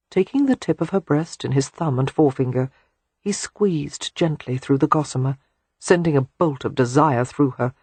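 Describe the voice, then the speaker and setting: An audiobook narrator giving a soft, even, intimate reading of romance prose. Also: medium pitch, breathy edge, dry recording.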